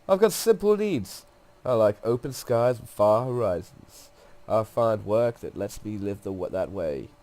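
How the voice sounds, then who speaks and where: A man's voice: lowish voice, expressive, unhurried, darkish tone. A man with a cold reading aloud the lines of a tough, restless woman guide, raising his voice for her, a little nasal. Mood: plain reading. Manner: reads game dialogue aloud in a raised voice.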